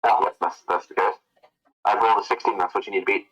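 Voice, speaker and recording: A man's voice: fairly low pitch, steady tone, fast, a bit bright, low-quality recording. A man acting as game master, narrating scenes and working out the rules aloud. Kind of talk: narrating and ruling a tabletop game.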